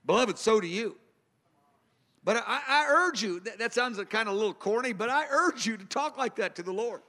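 A man's voice: extremely high pitch, lively intonation, a little fast, pushed and bright. A man preaching a sermon, earnest and emphatic, circling back to repeat his key phrases. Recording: long hall reverb.

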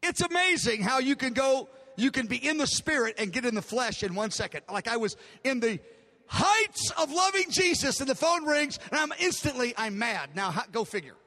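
A man's voice: extremely high pitch, big pitch swings, normal speed, sharp tone. An older man preaching a sermon, telling a story with emotion and acting out the dialogue in a large hall. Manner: emotional, dramatic retelling with acted-out dialogue. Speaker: pastor. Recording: long reverb of a large hall.

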